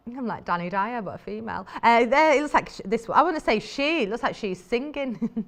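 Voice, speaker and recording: A woman's voice: a little high, lively intonation, unhurried, pauses often. Lady on a shopping channel, chatty and rambly, gushing over fabrics in a tv studio. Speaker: shopping TV presenter. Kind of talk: live shopping-channel demonstration.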